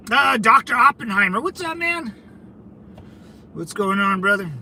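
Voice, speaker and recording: A man hosting a casual livestream, answering chat in a brash, combative and mocking way, with loud outbursts. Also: high-pitched, expressive, measured pace, a little hiss or hum, rough recording. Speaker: channel host reading live chat.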